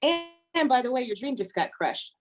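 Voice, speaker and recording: A woman's voice: sits high, very animated, normal speed, faint music behind. A woman, an airline first officer, telling a personal story as an interview guest, earnest and repeating key lines for emphasis.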